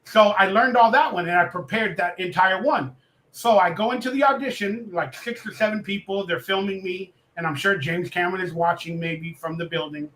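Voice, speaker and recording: A man guesting on a live interview show, telling an excitable story and acting out the voices of the people in it. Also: high-pitched, normal speed, echoey room, poor audio. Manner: excitable, acts out quoted voices. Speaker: actor guest.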